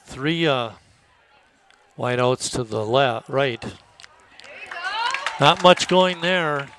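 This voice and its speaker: A man doing play-by-play for a high school football game, relaxed and folksy with many fillers. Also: drawn-out words, background noise. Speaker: play-by-play announcer.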